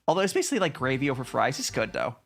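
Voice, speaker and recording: A man's voice: mid-range voice, huge pitch swings, very fast, creaky, fairly bright tone, husky. A man streaming casually from home in Japan, chatting with viewers and answering their messages, with frequent restarts. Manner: chatty, reads and answers chat, many restarts. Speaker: VTuber streamer. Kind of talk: casual live-stream chat.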